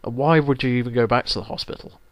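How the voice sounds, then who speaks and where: This man speaks fast at medium pitch as he plays a video game, chatting and rambling casually and swearing a lot. He's a let's play host, recorded dry, with game music behind him.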